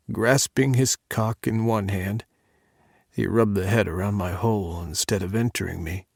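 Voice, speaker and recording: A man narrating a first-person audiobook in a measured, intimate reading on a close studio mic. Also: on the low side, no room sound.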